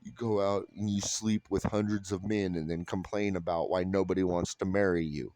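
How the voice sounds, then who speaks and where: A man delivering a blunt, sarcastic, profane rant to camera in a flat, unhappy-sounding voice. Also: sits low, moderate pace, no room sound. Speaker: vlogger. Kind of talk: ranting monologue to camera.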